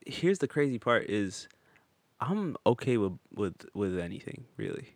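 Lively joking young man, dry sound. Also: mid-range voice, dry recording. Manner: joking, profane, quick to tease. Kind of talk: casual chat.

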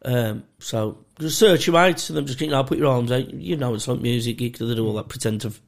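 A man's voice: medium pitch, a little fast, gravelly. A man co-hosting a podcast, telling sweary stories in casual chat and laughing often. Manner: sweary storytelling, laughs a lot. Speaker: podcast co-host.

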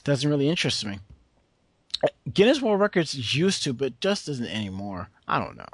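A man's voice: medium pitch, wildly swooping pitch, normal speed, breathy edge, no room sound. Laid-back New man co-hosting. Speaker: podcast co-host. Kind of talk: casual chat.

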